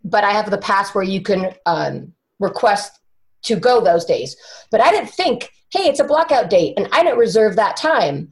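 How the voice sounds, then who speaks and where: A woman's voice: medium pitch, unhurried. A woman chatting casually on a podcast, telling a long story with lots of swearing and acted-out voices. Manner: animated, swears freely, acts out voices. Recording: roomy echo.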